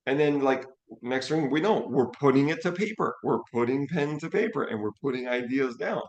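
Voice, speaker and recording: Man, storyteller, animated, plays out his own reactions, medium pitch, roomy echo. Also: moderate pace, highs cut off. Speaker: financial educator and co-host. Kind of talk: casual storytelling chat.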